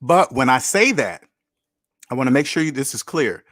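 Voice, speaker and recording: A man hosts a casual livestream, reads out viewer comments and answers them in an emphatic, repetitive way, firing off rhetorical questions. His voice sits at an ordinary pitch for a man. The sound is dry and close, with almost no room echo. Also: lively intonation, moderate pace, a bit bright. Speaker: channel host reading chat comments. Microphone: camera mic.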